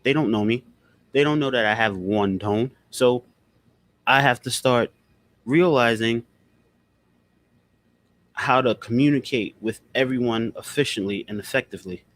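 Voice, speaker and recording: A man's voice: medium pitch, measured pace, pauses often, a bit bright, no room sound. A man in casual conversation, blunt and profane, who repeats his points for emphasis. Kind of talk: casual chat.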